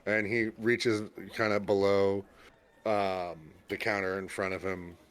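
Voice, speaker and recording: A man's voice: sits low, flat delivery, slow pace, fairly bright tone, clear, resonant tone. A man narrating a tabletop role-playing game as game master, in a loose, rambling way with lots of fillers. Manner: rambling, full of fillers and restarts.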